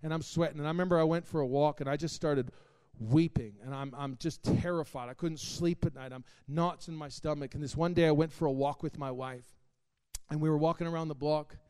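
A man preaching a sermon, telling a personal testimony with strong emotion that swings between hushed confession and loud exclaiming. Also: a little high, fairly even intonation, brisk, smooth.

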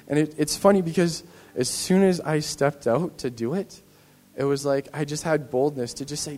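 A man's voice: a little high, normal speed, a little mellow, in a large hall. A man in a church giving an earnest, rambling personal testimony to the congregation, often restarting his sentences. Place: church hall.

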